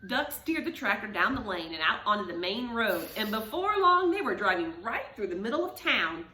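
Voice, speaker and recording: A woman reading a picture book aloud to children, animated and asking them questions. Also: mid-range voice, moderate pace, roomy sound, a little hiss or hum. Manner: animated, asks the listeners questions. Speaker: reader to children.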